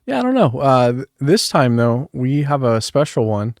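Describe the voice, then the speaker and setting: A man's voice: mid-range voice, very animated, normal speed, darkish tone, dry recording, clean studio sound. A man hosting a horror movie podcast in loose, rambling casual chat. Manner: laid-back, rambling, lots of fillers. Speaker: podcast host.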